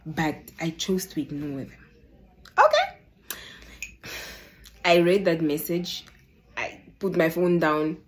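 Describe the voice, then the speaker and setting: A young woman telling a personal story to the camera, animated and exasperated, often calling out to her viewers. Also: sits low, a little slow. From Namibia. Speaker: vlogger. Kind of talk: casual storytime.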